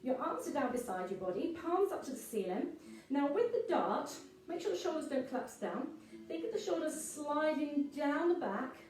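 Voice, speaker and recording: A woman leading a pilates workout, giving calm, encouraging cues timed to the breath. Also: sits high, moderate pace. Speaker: pilates instructor. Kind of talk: guided workout instruction. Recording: echoey room from far off with music.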